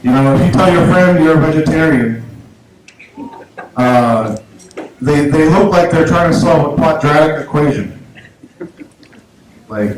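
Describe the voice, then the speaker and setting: A man performing a stand-up comedy set in a small club, self-deprecating, with lots of stumbles and restarts. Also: on the high side. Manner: halting, self-deprecating delivery with many restarts. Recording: echoey club room, audible noise, poor sound.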